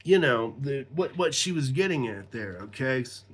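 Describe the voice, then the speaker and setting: A man's voice: medium pitch, expressive, normal speed, a little hiss or hum. A middle-aged man telling a rambling, profane personal story in casual talk, laughing as he goes.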